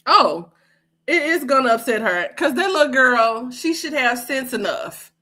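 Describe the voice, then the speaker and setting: A woman's voice: sits high, lively intonation, a little slow, pushed and bright. Sassy, profane woman podcast host. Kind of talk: casual livestream commentary.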